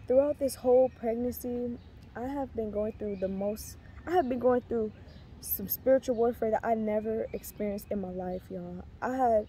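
Earnest pregnant young woman, mellow voice. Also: a little high, slight background noise. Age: young adult. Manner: rambling, earnest, many fillers and restarts. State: heavily pregnant. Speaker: faith vlogger. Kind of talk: casual testimony vlog.

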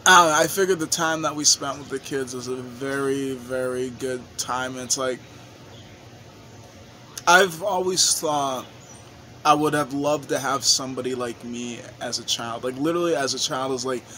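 A young man vlogging, telling a rambling story in a casual, animated way and swearing freely. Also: medium pitch, moderate pace, slight background noise. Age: young adult.

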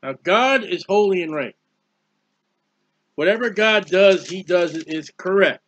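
Heard on a dull lo-fi recording, this man delivers a loose, heartfelt Bible study, wandering between points as he reads scripture. His voice is high and a bit bright, animated yet unhurried.

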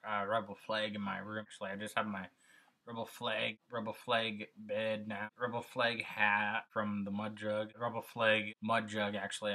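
A man's voice: lowish voice, sharp tone, poor audio. A young man vlogging in a casual, rambling way, chatting about his day and football. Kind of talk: casual vlog chat.

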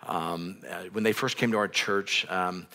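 A male pastor preaching a sermon in a casual, conversational way, with many restarts, growing louder and higher when stirred up. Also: steady tone, unhurried. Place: church sanctuary, on a raised stage.

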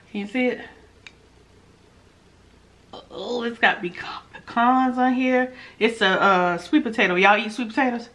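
Lively woman chatting while eating. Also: mid-range voice. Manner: chatty and animated, savoring food with hums. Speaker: mukbang vlogger. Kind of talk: casual eating vlog talk to viewers.

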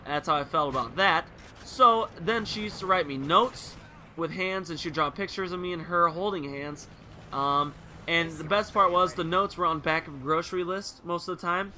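Bright-voiced young man telling rambling stories. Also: a little high, slight background noise. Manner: rambling, joking, crude. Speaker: gaming commentary vlogger. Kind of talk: casual storytelling commentary.

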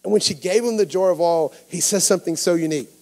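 High-voiced Cajun pastor preaching. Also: male voice, fast talker. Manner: storytelling, swings from quiet asides to shouting. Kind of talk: sermon.

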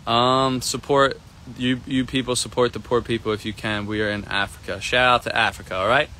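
A man teaching a tennis lesson on a live stream from an outdoor court, energetic and repetitive, often asking "right?". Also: mid-range voice, brisk, slight background noise. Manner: energetic, repeats himself, keeps asking "right?". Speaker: tennis coach.

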